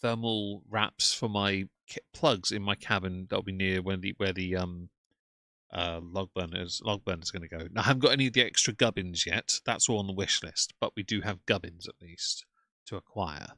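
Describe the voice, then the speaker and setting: Man, livestream commentary, bright forceful tone, dry sound, sarcastic. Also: sits low, fairly even intonation, moderate pace, dry recording. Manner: sarcastic, mocking asides. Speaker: commentary streamer.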